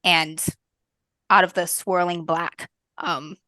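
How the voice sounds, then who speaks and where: A woman game master narrating a fantasy tabletop game in a soft, lyrical way, with frequent ums. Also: on the low side, little pitch movement, takes it slowly, no room sound, clean studio sound.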